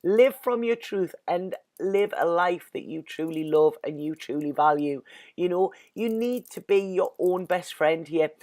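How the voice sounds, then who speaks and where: A woman's voice: fairly low pitch, measured pace, darkish tone. A woman with an English accent giving an earnest, emotional tarot reading in casual speech, constantly saying "you know" and sounding close to tears. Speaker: tarot reader.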